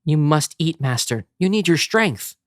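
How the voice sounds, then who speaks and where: A man's voice: on the high side, big pitch swings, measured pace, no echo, clean studio sound, pitched above the performer's own voice. A man voicing a fawning, sinister male servant of a vampire, oily and servile. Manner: oily, servile, turns menacing.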